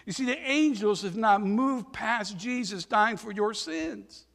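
A man preaching a sermon, reading scripture aloud and swinging between loud emphasis and softer passages. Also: high-pitched, lively intonation, a little slow, gravelly, big-room sound. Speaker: pastor. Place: church sanctuary.

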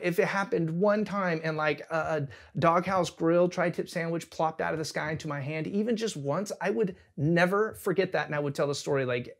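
A man pastor giving a casual, conversational sermon with humorous retellings of scripture. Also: high voice. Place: church service.

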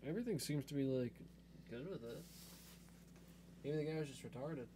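A man co-hosting a podcast in casual comedic chat, laid-back and mumbling, trailing off quietly. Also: medium pitch, lively intonation, brisk, a little hiss or hum. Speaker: podcast co-host.

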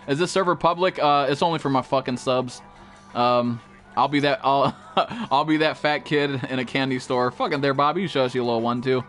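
A young man live-streaming a game, chatting to viewers in a loud, profane way and jumping into high yelps. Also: steady tone, moderate pace, faint music behind. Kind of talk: live-stream chat while gaming.

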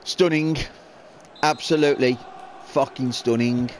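A man's voice: medium pitch, steady tone, unhurried, a little hiss or hum. A man commentating on his own football video game, swearing and venting his frustration. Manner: profane, frustrated outbursts at the game. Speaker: gaming video creator.

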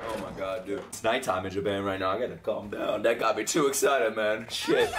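A young man reacting to an anime episode, loud and excitable, swearing and shouting at the screen. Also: fairly low pitch, normal speed, over music. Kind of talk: live anime reaction commentary.

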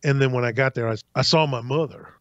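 A man casually telling a long personal story on a podcast, acting out other people's lines in an animated way. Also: mid-range voice, fast talker, dry recording. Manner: animated, acts out voices in anecdotes. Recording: dry, slightly dull sound.

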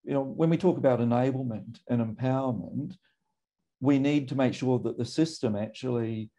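A middle-aged Australian man, a GP, speaking in a measured, thoughtful way with frequent pauses and ums. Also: medium pitch, dark tone. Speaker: GP and medical association guest. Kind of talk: recorded conversation.

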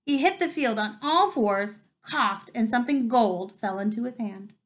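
A woman reading a novel aloud with expressive, lively storytelling. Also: fairly high pitch, normal speed, poor audio. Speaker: reader.

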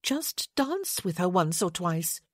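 An earnest young noblewoman who keeps coaxing and insisting, as a woman reader puts her on. The voice is husky and low-set but swings freely in pitch. The sound is close and dry, like a storybook reading. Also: very animated, slow, no echo, heavily acted.

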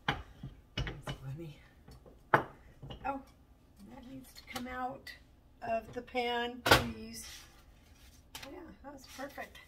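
A woman's voice: fairly high pitch, extremely slow, long pauses. A woman chatting casually while cooking at home in her kitchen, chatty and self-mocking, laughing often. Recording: distant mic with steady background noise.

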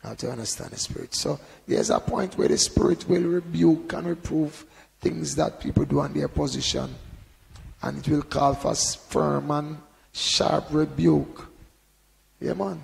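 A man giving an informal sermon in a conversational preaching manner, often adding "you know" and then bursting into loud emphasis. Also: on the high side, unhurried, vocal fry, in a large hall. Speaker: Bible teacher.

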